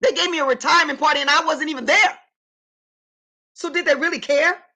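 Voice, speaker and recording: A middle-aged woman hosts an informal live stream from her apartment, saying hello to viewers by name and talking emphatically with self-affirmations. Her voice is high, fairly quick, pushed and bright.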